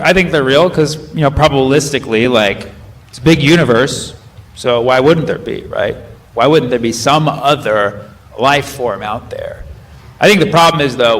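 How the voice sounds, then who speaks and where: Onstage, the same American comic in his thirties riffs loosely and shoots rapid questions at the crowd. He has a mid-range voice with a slightly bright edge.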